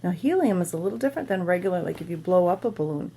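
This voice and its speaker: A woman's voice: lowish voice, animated, vocal fry, mellow, a little hiss or hum. Woman reading a children's book aloud. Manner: pauses to explain to listeners.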